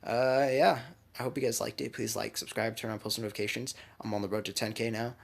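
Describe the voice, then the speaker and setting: A man's voice: lowish voice, little pitch movement, fast talker, creaky. A young man casually telling a fan-made story to his channel, rambling with fillers and the odd swear. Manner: rambling, with many fillers and profanity. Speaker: YouTube storyteller.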